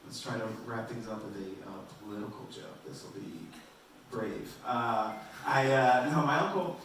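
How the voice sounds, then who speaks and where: A man doing a stand-up comedy set in a club, rambling and self-deprecating, with halting restarts. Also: medium pitch, a bit bright. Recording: roomy and distant, faint noise.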